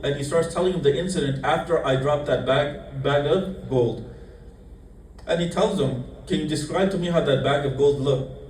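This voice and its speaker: A man delivers a storytelling sermon with a fairly high voice, breaking his tale into short phrases and softening when he speaks for the characters. He sounds a little distant from the mic in a roomy, echoing hall. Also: a little hiss or hum. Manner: tells a story in short broken phrases, acting out quotes softly. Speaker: preacher. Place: mosque hall.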